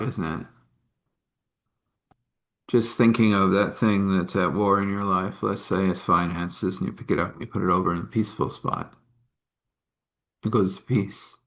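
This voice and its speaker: A man's voice: lowish voice, fairly bright tone. A man hosting a live meditation talk and storytelling session, speaking in a rambling, chatty way. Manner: rambling and chatty, with laughs and apologies for yawning. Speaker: spiritual healer and host.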